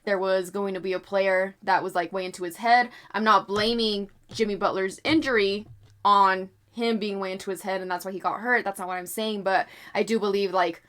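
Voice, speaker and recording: A young adult woman reading tarot cards for sports predictions in a casual chat to her viewers, animated, swearing freely and often apologizing. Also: medium pitch, moderate pace. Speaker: tarot reader predicting basketball games.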